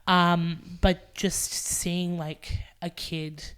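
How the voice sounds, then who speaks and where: A woman guesting on a podcast, talking in a casual, candid way with a lowish voice. She swears freely and laughs often as she tells heartfelt personal stories. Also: level tone, very slow, smooth. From Australia. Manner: candid, emotional storytelling, frequent swearing and laughing. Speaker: podcast guest, drag performer. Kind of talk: casual interview chat.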